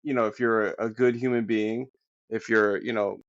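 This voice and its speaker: A man hosting a podcast, reacting with enthusiasm and reflecting in a relaxed, filler-heavy way. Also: fairly low pitch, moderate pace. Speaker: podcast host. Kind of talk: casual interview talk. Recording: slightly dull audio.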